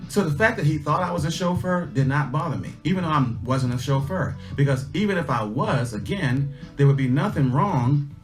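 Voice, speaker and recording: A man's voice: on the high side, expressive, moderate pace. A middle-aged man hosting a livestream, telling a casual personal story and driving home life lessons with emphatic repetition. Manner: folksy, emphatic, repeats his lessons. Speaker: livestream host. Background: faint guitar music.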